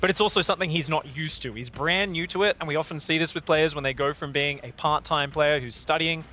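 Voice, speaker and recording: A bright, clear-voiced man with an Australian accent explains replays as a desk analyst. His voice sits a little high for a man, and he talks in steady, explanatory turns. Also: quick pace, slight background noise. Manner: explanatory, walks through replay. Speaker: esports analyst.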